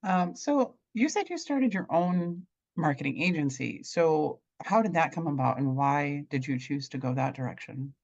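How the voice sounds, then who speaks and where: A woman's voice: low-pitched, lively intonation, moderate pace, vocal fry, few pauses, darkish tone. A woman hosting an interview podcast, asking thoughtful questions in a casual way. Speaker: podcast host. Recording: slightly dull lo-fi sound.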